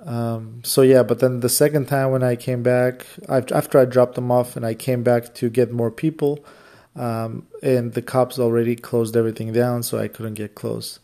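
Male podcast host, medium pitch, relaxed dark tone, rambling storyteller delivery. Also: normal speed. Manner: rambling, loosely chained retelling with many asides. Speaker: podcast host, rideshare driver. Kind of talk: casual storytelling monologue.

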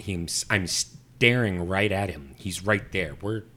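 A man with a somewhat low voice tells a story in casual chat. He rants with plenty of animation and acts out the people he argued with, his voice jumping up when he gets heated. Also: slow pace. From Puerto Rico. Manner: animated ranting, acting out both sides.

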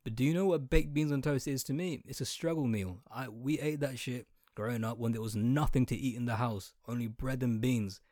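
A man from outside Britain delivers a profane, exaggerated comedic rant and talks straight to the listener. His voice has a mid pitch and sounds dry and close, with no room echo. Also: fairly quick, few pauses, warm tone. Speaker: comedic commentator.

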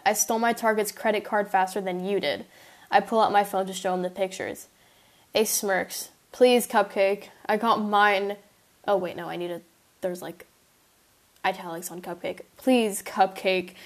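With a mid-range voice, a young woman hosts her own podcast, reading a chapter of her story and then fielding listener questions in a casual, chatty, self-deprecating way.

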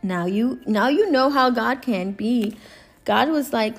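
A woman's voice: fairly high pitch, slow, faint music behind. A woman teaching a Bible study, reading scripture and paraphrasing it expressively in casual speech.

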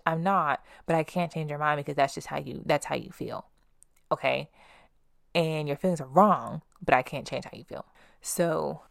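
A woman's voice: deep voice, vocal fry, dry recording, studio quality. A young woman hosting a podcast, telling candid personal stories in a blunt, casual way and swearing freely. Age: young adult. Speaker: podcast host.

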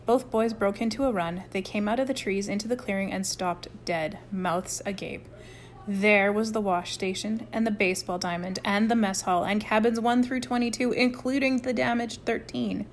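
A woman reading a children's novel aloud in an even storytelling manner. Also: medium pitch, normal speed, a little hiss or hum. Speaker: audiobook reader. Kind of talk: scripted narration.

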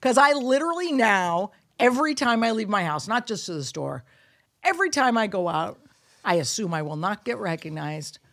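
A middle-aged woman comedian hosts a casual podcast chat. Her voice sits mid-range but moves with lively swings of pitch. She tells profane, acted-out stories. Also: normal speed, gravelly. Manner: animated, profane storytelling with acted-out quotes.

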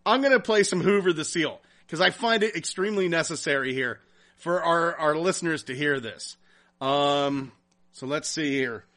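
A man hosting a casual podcast, reading listener comments and telling a story in a profane, animated way. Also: on the high side, moderate pace. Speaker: podcast host.

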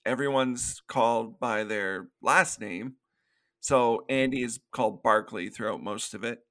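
A man's voice: mid-range voice, unhurried, bright, forceful tone. A man co-hosting a podcast, casually retelling movie scenes and laughing often. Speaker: podcast co-host. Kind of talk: casual movie review chat.

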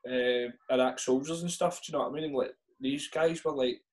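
A man's voice: medium pitch, fairly even intonation, a little fast. A man chatting easily on a podcast about his time playing basketball. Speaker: guest, former basketball player. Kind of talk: casual podcast chat.

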